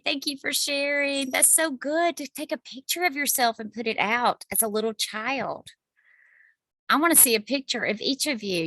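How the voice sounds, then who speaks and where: A woman's voice: on the high side, pushed and bright, no room sound. A woman hosting a group video call, upbeat and encouraging. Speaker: host of a wellness group call.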